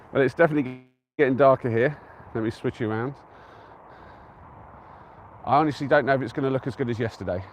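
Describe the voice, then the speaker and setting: An easygoing man from England talks to his live-stream viewers from an open hilltop. His voice sits at an ordinary middle pitch, and he keeps up a relaxed, chatty flow as he answers comments from a handheld device. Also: moderate pace, long pauses, highs cut off, a little hiss or hum. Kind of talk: casual live-stream chat. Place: outdoors on a windy-free open hilltop at a trig point.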